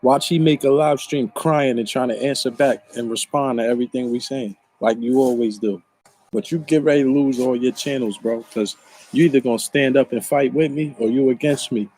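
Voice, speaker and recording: A man's voice: medium pitch, a little fast, darkish tone. A man from the Baltimore area delivering a profane, boastful monologue full of slang and combative trash talk. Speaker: online commentator.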